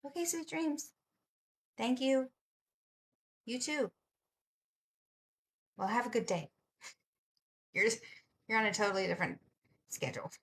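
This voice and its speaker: A woman hosts a casual late-night livestream, chatting with viewers, answering their comments and laughing often. Her voice is husky and medium-pitched, with vocal fry.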